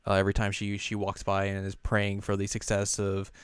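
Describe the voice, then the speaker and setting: A man with a low, smooth and resonant voice recaps a show in a loose, rambling way, correcting himself often. The sound is dry and close to the mic. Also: completely flat delivery, brisk, dry recording. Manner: rambling, chuckling, self-correcting. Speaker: podcast host. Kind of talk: casual anime recap chat.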